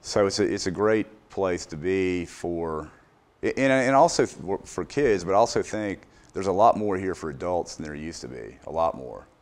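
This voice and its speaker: A middle-aged man, a business owner, answers interview questions casually in a very low, expressive, darkish voice. He is unhurried and hesitant, with many fillers and restarts.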